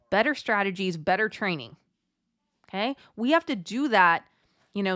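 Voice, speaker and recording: A woman's voice: medium pitch, fairly bright tone, dry recording, studio quality. A woman life coach, likely in her thirties, giving a direct, encouraging talk to mothers. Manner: encouraging, direct, addresses listener as friend. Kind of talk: motivational talk to listeners.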